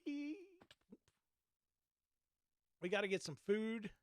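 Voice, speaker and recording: A man's voice: high-pitched, expressive, takes it slowly, clean tone, no room sound. A man with a Southern Georgia accent, a podcast host giving casual gameplay commentary and telling a story, folksy and chatty with mild oaths. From Georgia, USA.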